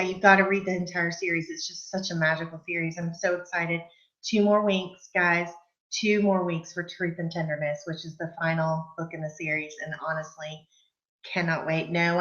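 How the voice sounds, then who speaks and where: A woman hosting a live online book club chat, talking in a gushing, chatty way with lots of fillers, clearing her throat from allergies. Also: lowish voice, a bit bright, muffled recording. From Texas.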